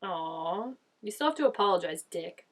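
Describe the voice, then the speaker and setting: A woman's voice: on the low side, lively intonation, normal speed. Chatty woman gushing over a show. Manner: chatty, gushing, peppers speech with "like". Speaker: TV episode reactor. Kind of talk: casual reaction commentary.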